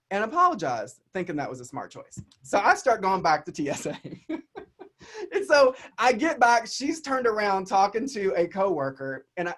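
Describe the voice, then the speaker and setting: A man from the American South giving a keynote over a video call, telling a story to his audience and calling them y'all. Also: sits high. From Southern United States. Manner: animated, chatty, addresses audience as y'all. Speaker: keynote speaker.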